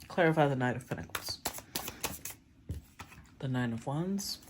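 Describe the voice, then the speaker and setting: A woman giving a casual tarot reading, thinking aloud, often clearing her throat and murmuring as she names the cards. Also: a bass voice, lively intonation, a little slow, noisy background. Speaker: tarot reader.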